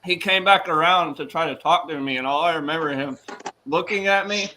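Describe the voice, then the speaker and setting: A man hosting a podcast, telling a story in an animated way with big swings in loudness and laughter. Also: on the high side, fairly quick, rough recording. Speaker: podcast host. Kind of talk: casual interview chat.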